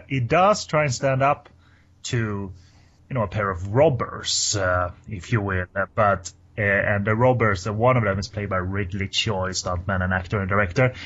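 A man's voice: lowish voice, moderate pace, muffled recording. A man chatting casually as a podcast co-host about a film, rambling with many fillers and restarts. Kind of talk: casual chat.

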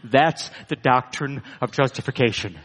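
A man preaching a sermon, emphatic, swinging from high bursts down to low, weighty lines. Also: normal speed, a bit bright. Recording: long hall reverb.

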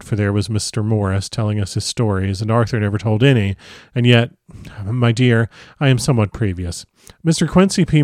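A man reads a classic novel aloud with gentle, expressive delivery at a middle pitch. The sound is dry and close, with no room echo. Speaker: audiobook reader.

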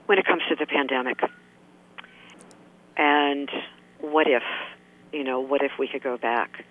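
Man, mid-pitched, thoughtful talk radio commentator who keeps asking what-if questions; heard over a tinny phone line. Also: steady tone, a little slow, long pauses. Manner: musing, asks many rhetorical questions. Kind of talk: reflective talk radio monologue.

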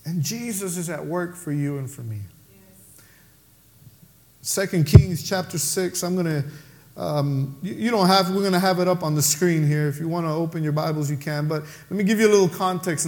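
A man preaches with a strikingly high voice, talking to his congregation in a loose, conversational way. He builds to shouted emphasis on the key points of his sermon, then drops back into friendly asides. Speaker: pastor.

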